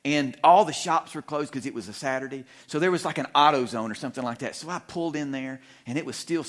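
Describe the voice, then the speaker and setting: A middle-aged man preaching in a church, telling a humorous story with animated, self-deprecating delivery and frequent chuckles. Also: mid-range voice, fast talker. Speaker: guest preacher. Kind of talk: storytelling sermon. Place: church sanctuary.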